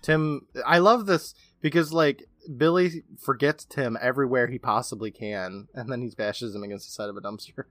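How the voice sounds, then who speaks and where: A man's voice: medium pitch, moderate pace, few pauses, fairly bright tone, no echo. A young man hosting a podcast, retelling a horror episode casually and jumping into characters' lines. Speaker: podcast host.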